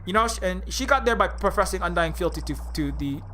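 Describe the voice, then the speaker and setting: A man's voice: sits high, expressive, fast talker, pushed and bright, slight background noise. Heated, profane man ranting. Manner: heated, profane, repetitive restarts. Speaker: indie game developer. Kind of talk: ranting monologue.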